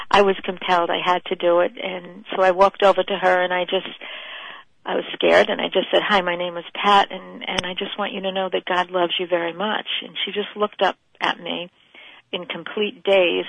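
A woman's voice: medium pitch, a bit bright, dry recording, rough recording. A middle-aged woman, a guest author, earnestly telling a personal faith story in conversation.

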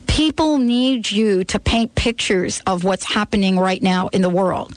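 A woman's voice: medium pitch, moderate pace, few pauses, dry recording, rough recording. A woman hosting a radio call-in show, giving an intuitive card reading in an earnest, insistent way and repeating her key phrases.

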